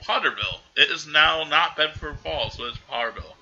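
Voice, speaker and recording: Bright-voiced man recapping a film. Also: on the high side, expressive, brisk, lo-fi sound. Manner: rambling retelling full of quoted lines. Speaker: podcast host. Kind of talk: casual film recap chat.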